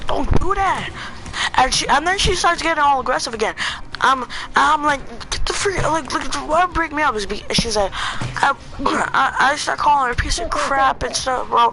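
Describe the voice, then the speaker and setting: A man vlogger telling a storytime story in a rambling, excitable way, using "freaking" a lot, with music playing behind him. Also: sits high, vocal fry, low-quality recording. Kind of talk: storytime vlog. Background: background music.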